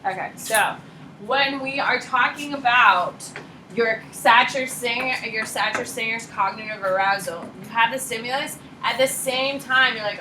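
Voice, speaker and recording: Blunt, bright-voiced woman teaching a class. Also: a little high, measured pace, slight background noise. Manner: blunt, lively, acts out examples in quoted voices. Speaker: high school psychology teacher. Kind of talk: classroom lecture.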